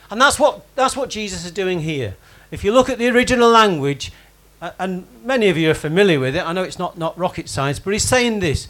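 Male preacher, conversational sermon, bright high register with very animated pitch. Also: a little fast, few pauses. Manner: conversational, quizzes congregation by name. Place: church hall with congregation.

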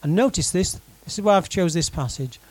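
Male pastor, lively sermon delivery, high voice, dry close sound. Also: a little fast, no room sound, low-quality recording. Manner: animated, conversational preaching with direct questions to the congregation.

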